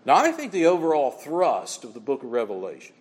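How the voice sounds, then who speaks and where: A man preaching a sermon as pastor, emphatic, swinging between loud exclamations and low, quiet asides. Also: huge pitch swings, brisk, husky, big-room sound.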